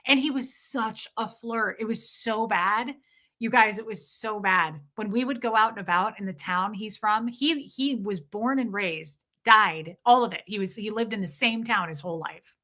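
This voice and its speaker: Bright-voiced woman telling stories. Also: medium pitch, moderate pace. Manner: animated, candid, swearing at times. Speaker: vlogger. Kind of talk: casual storytelling to viewers.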